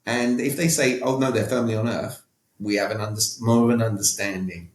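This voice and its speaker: A man's voice: medium pitch, fairly even intonation, a little fast, echoey room. A man being interviewed as a podcast guest, who talks in an emphatic, coaching way and keeps checking that the listener follows. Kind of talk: conversational interview.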